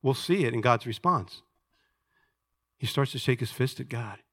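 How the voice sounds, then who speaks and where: A man preaching a sermon as a pastor, telling a story and swinging from hushed asides to loud, emphatic points. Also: mid-range voice, animated, normal speed.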